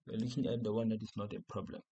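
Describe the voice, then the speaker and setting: A man's voice: on the low side, little pitch movement, very fast, dark tone, poor audio. A man from South Africa with a South African accent, going through exam questions as a teacher, repeating key points and asking and answering his own questions. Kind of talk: exam revision lesson.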